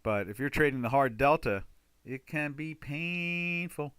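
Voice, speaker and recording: A man hosting a live trading webinar in a chatty, rambling way, now and then exclaiming loudly. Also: on the high side, lively intonation, unhurried, slight background noise. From United States. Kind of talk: casual live webinar talk.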